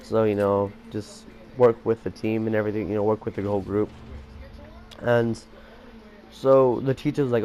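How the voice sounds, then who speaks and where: A man's voice: on the low side, little pitch movement, moderate pace, dark tone. A teenage boy rambling through a story about his school day, with many fillers and restarts. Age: teens. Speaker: vlogger. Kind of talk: casual storytelling vlog.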